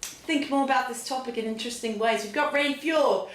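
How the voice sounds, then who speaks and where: A woman with a high voice hosts a mock talk show in a theatrical, giggly way. She keeps turning to the audience. Her voice echoes around a roomy space. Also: brisk. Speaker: comedic talk show host. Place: home studio, roomy. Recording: echoey room.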